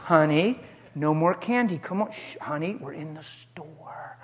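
A man's voice: fairly high pitch, measured pace, husky, in a large hall. A man voicing a flustered mother who scolds her child in a store. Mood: scolding. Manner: pleading then stern scolding.

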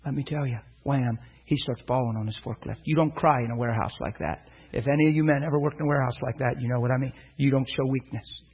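A man's voice: medium pitch, steady tone, fast talker, hardly any pauses, darkish tone, slightly rough, dull audio. A middle-aged man preaching, telling a personal story and acting out the dialogue with animation. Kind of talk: sermon storytelling.

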